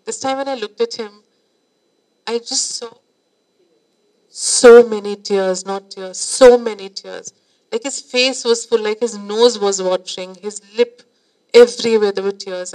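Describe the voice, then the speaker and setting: A woman's voice: mid-range voice, low-quality recording. A woman with an Indian English accent giving a devotional talk to an audience. She tells her story in an earnest, emotional way and slips into Hindi phrases. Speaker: spiritual teacher.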